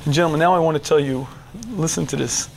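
A middle-aged man giving a religious lecture to men, animated, dropping to a hush and then shouting as he acts out inner voices. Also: fairly high pitch, quick pace, creaky, a little hiss or hum. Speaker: religious teacher. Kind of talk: lecture to a men's audience.

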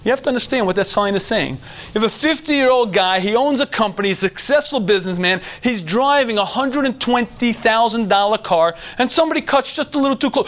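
Middle-aged guy giving a religious talk to a room of men, fairly high voice, goes from hushed to shouting acting stuff out. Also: expressive, brisk. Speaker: religious teacher. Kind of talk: lecture to a men's audience.

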